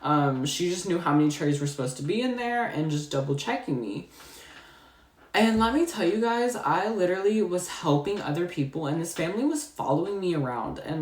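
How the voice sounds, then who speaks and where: A woman's voice: lowish voice, animated, fairly quick, roomy sound. Chatty congested young woman with a drawl. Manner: chatty, many likes and you-know-what-I-means. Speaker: storytime vlogger. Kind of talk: casual storytime chat.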